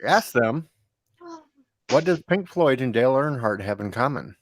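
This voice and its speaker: A co-host on a casual stream teases the others and pushes his jokes through. The voice is mid-pitched and the sound dry and close. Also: animated, dry recording. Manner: teasing, quick joke-telling.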